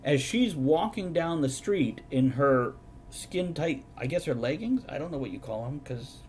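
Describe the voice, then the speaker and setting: A man's voice: a little high, very animated, moderate pace, darkish tone, slight background noise. Wry storytelling man hosting a stream. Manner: sarcastic, mock-documentary storytelling. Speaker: host. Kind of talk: casual chat on a live stream.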